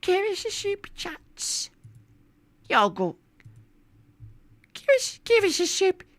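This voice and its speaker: A squeaky mock-British street beggar. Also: male voice, huge pitch swings, slow pace, fairly bright tone, no echo, full character voice. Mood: wheedling. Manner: wheedling, repetitive begging. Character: high-pitched cockney-style male street beggar, pleading.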